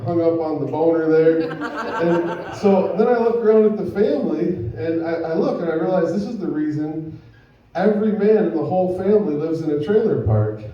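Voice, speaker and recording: A man's voice: a little high, heavy reverb, recorded from a distance, muffled recording. A man doing a stand-up comedy set, telling a rambling story full of fillers and crude punchlines. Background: audience laughter.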